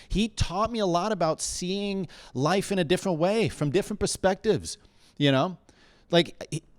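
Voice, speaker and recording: Young guy doing standup at a comedy bar, kinda high voice, chatty, keeps going "right?". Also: no echo. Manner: conversational, keeps checking in with the crowd. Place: stage of a local comedy bar.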